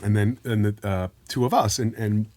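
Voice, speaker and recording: A man's voice: fairly low pitch, moderate pace, no room sound. A middle-aged man from the American Midwest telling a story as a podcast co-host, laughing and acting out the people he quotes. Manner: animated, laughing, acts out quoted voices. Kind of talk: casual storytelling.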